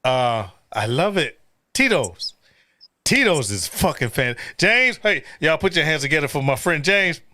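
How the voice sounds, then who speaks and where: Man, podcast host, casual chat, rambling, profane, bright tense voice, slightly high. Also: very animated. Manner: rambling, profane, quick to laugh.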